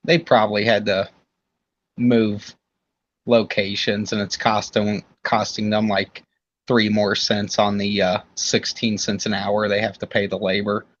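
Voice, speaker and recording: A man's voice: fairly low pitch, flat delivery, unhurried. A man chatting on a podcast in a laid-back, joking way with rambling asides. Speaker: podcast guest. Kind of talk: casual podcast chat. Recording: dull, dry lo-fi mic.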